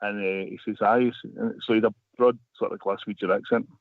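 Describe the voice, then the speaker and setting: A man's voice: lowish voice, steady tone, fast talker, creaky, no room sound. A man telling a long story as a radio guest, rambling with many restarts. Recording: phone line.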